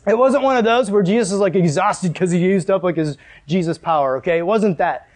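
Man, high voice, casual animated sermon, lots of "like". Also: fairly quick. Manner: casual, animated preaching with many "like"s. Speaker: pastor.

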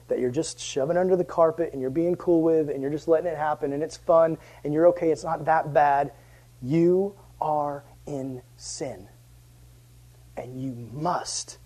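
A man's voice: on the high side, mellow. A youth pastor giving a casual evening sermon to young people. He talks conversationally and jokes, then builds to emphatic passion.

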